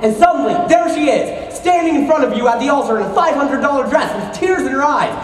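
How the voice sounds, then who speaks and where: A young woman on a high school stage playing a wistful middle-aged male show-tune fan who confides asides to the audience and sometimes bursts into shouts. It is recorded from far back in an echoey auditorium. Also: animated, fast. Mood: confiding.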